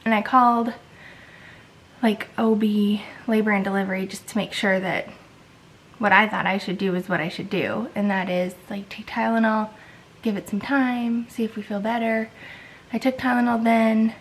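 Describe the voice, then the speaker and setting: A woman's voice: mid-range voice, fairly even intonation, moderate pace, poor audio. Congested, feverish woman vlogging. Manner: tired, rambling, many likes and restarts. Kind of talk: casual vlog chat.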